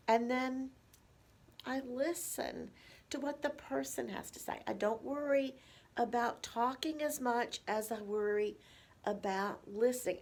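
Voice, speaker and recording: Higher-voiced woman teaching slowly. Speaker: nurse and dementia educator. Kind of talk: teaching caregivers.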